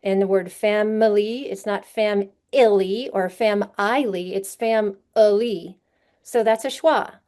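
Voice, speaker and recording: Her voice is medium in pitch, smooth and mellow, running at normal speed with hardly any pauses. She is presenting a literacy workshop to teachers at a conference, explaining patiently and regularly checking in through rhetorical questions.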